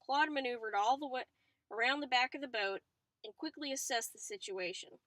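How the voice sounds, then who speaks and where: Bright-voiced woman reading a novel aloud. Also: on the high side, fairly quick, no room sound. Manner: chatty, breaks off for excited asides and laughs. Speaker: reader.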